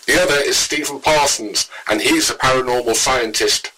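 A man's voice: medium pitch, moderate pace, pushed and bright, poor audio. A man doing a plummy old ghost hunter. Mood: genial. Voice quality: plummy, formal and theatrical. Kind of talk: comic radio intro skit.

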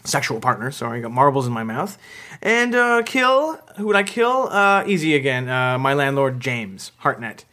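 A man co-hosting a comedy podcast, deadpan and full of hesitant ums. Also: mid-range voice, moderate pace. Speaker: co-host.

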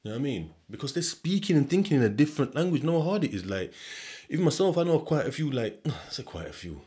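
A man's voice: on the high side, sing-song, quick pace, warm tone. A young man from Sheffield with a Sheffield accent, hosting a podcast in a loose, rambling monologue, swearing freely and chuckling often. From Sheffield, England. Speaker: podcast host.

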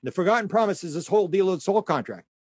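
A middle-aged man's slightly high voice spills out story after story, rambling and restarting as he goes. He acts out the people he quotes along the way. The sound is close and dry, with no room around it. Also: animated, racing, no echo. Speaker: guest. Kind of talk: conversational storytelling.

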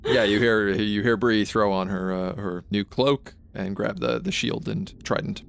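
A man's voice: fairly low pitch, fairly even intonation, measured pace, vocal fry, a little hiss or hum. A man playing a tabletop game, speaking plainly about his character's actions. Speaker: player. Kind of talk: casual tabletop play.

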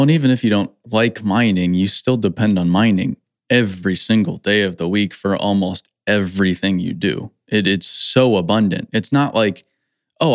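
A man's voice: on the low side, dry recording, clean studio sound. A man hosting a casual conversation, enthusiastic and upbeat, often saying "like".

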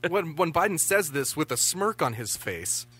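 A man co-hosting a podcast, talking politics in a casual, opinionated and animated way, swearing freely. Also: fairly high pitch, moderate pace, breathy edge. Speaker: podcast co-host.

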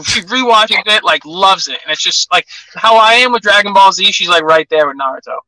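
A man's voice: high voice, expressive, fairly quick, sharp tone, no echo, low-quality recording. A young man chatting casually as an interview guest, telling stories with lots of "like". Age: young adult. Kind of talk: casual chat.

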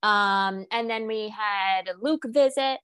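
Podcast co-host, woman, chatty and animated, mid-pitched voice, dry close mic. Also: slow pace, clear, resonant tone, no echo. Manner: animated, acts out quotes with swooping pitch. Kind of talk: casual chat.

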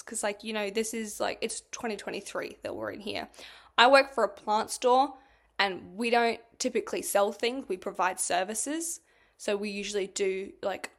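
A young woman hosting a casual solo podcast, telling a story in a chatty, animated way and swearing freely. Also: on the high side. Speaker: podcast host.

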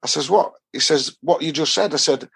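A man's voice: fairly high pitch, brisk, creaky, fairly bright tone, breathy edge. A middle-aged man with a Yorkshire accent, rambling through travel anecdotes in a casual podcast chat. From Doncaster, England. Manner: rambling anecdotes with dialect phrasing. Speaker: podcast guest.

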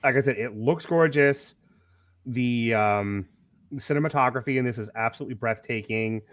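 A man's voice: mid-range voice, moderate pace, no room sound, clean studio sound. A man co-hosting a casual film review podcast, talking frankly with frequent swearing and restarts.

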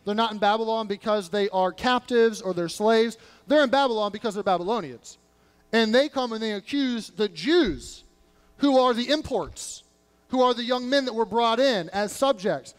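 A man with a strikingly high voice preaches a sermon, slipping into casual modern speech to dramatize the scripture. His voice rings out with a long reverb, as if captured in a large church sanctuary. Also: normal speed, smooth. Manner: animated preaching, acting out biblical characters in casual modern speech. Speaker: pastor.

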